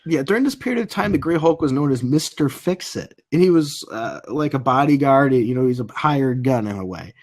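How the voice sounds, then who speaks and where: Husky and darkish in tone, this mid-range male voice is animated and brisk, with hardly any pauses. The speaker, a podcast host who has a cold, runs a casual comic book chat, reading live comments aloud and laughing frequently.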